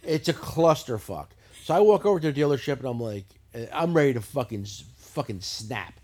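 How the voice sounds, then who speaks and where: Fast, animated, foul-mouthed middle-aged man. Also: medium pitch, slightly rough. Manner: profane, animated storytelling. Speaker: podcast host. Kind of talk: casual chat.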